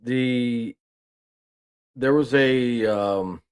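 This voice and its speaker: A man's voice: medium pitch, drawn-out words, clean tone. A man hosting a news talk stream, telling a rambling folksy story and reading news aloud in a casual way. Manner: rambling, folksy, with restarts and "I mean".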